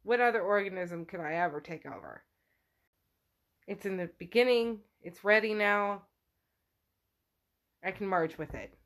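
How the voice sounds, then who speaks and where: A woman voicing a menacing, possessive male spirit who craves a body, speaking fast and taunting while she retells a novel. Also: mid-range voice, a bit bright.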